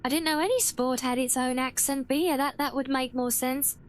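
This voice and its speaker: A woman's voice: high-pitched, fairly even intonation, fairly quick, a little hiss or hum. A young woman streaming a video game and chatting casually, giggling often and restarting her sentences. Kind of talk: casual livestream chat while gaming.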